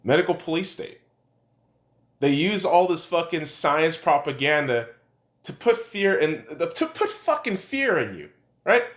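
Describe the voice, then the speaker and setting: A man's voice: fairly high pitch, big pitch swings, measured pace, a bit bright. Swearing ranting man in an echoey room. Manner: heated, swearing, sarcastic. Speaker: podcast host. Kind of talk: profane ranting monologue. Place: room in Nevada.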